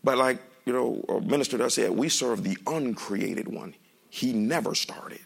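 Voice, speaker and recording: A male pastor preaches in a church with a gravelly, rough-edged voice. He is animated and joking and speaks directly to his congregation. His pitch sits in an ordinary middle range. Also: moderate pace. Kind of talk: sermon. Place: church sanctuary.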